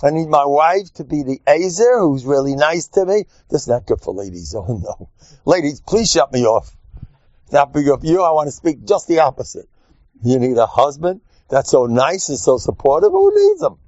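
A man's voice: normal speed, dry recording. A man giving a humorous Torah lecture as a rabbi, joking and teasing as he teaches. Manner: animated, joking, acts out quotes in squeaky voices. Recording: dull, dry lo-fi recording.

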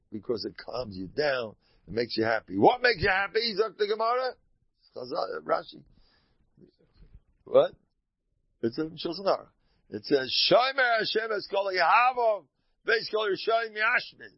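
A rabbi delivers an informal Torah talk in a gravelly, husky voice that sits fairly high for a man. He talks in an animated way, dropping to soft asides and then rising to loud exclamations. The recording is dry and dull. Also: normal speed, long pauses, no echo.

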